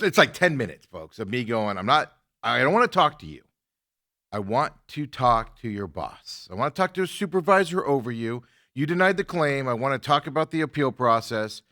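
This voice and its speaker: A man's voice: medium pitch, no room sound, studio quality. A man hosting a talk show, telling a story in casual chat and acting out his own side of a phone argument with an indignant edge. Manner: animated, indignant retelling with quoted exchanges.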